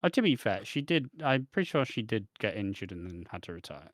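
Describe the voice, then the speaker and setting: Low-voiced man, dry close sound. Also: big pitch swings, brisk, no echo. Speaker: podcast co-host. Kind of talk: casual chat reviewing wrestling.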